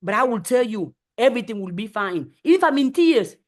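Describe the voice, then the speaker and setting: A woman with a high voice hosts a motivational live stream. She talks emphatically, hammering home her points by repeating phrases. She often slips into acted voices when she quotes people. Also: big pitch swings, normal speed.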